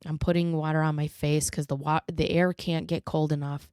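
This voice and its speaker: Low, smooth-voiced woman telling a story. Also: flat delivery, normal speed, darkish tone, dry recording, clean studio sound. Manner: earnest, emotional retelling. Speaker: podcast host. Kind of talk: personal storytelling.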